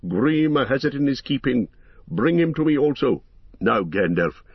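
A man voicing an aged male king who speaks with slow, proclaiming authority in a storybook reading. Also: mid-range voice, very animated, breathy edge, no echo, lo-fi sound. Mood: commanding. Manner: proclaiming, commanding. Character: aged male king, weary then roused.

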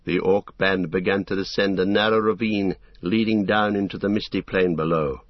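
Low-voiced man narrating a fantasy audiobook. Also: fairly even intonation, no room sound. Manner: measured, dramatic storytelling. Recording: dull, muffled audiobook recording.

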